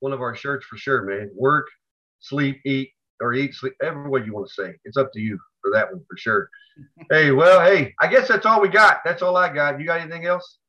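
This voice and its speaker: A man co-hosting a casual podcast, telling family stories in an animated way and acting out the people in them. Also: medium pitch, a little fast. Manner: animated storyteller, acts out family members with yells. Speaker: podcast co-host. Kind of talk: casual storytelling chat. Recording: dull lo-fi recording.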